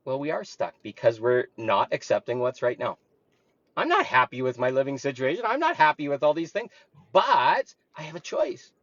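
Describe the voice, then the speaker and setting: A man's voice: medium pitch, big pitch swings, normal speed, a bit bright, no echo. A man speaking earnestly and with emphasis, coaching listeners in a reflective spiritual monologue. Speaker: spiritual talk host. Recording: dull, lo-fi dry recording.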